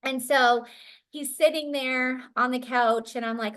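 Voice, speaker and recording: A woman's voice: on the high side, steady tone, normal speed. Earnest woman guest recounting a story. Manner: earnest, with many fillers and restarts. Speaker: interview guest. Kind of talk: conversational storytelling.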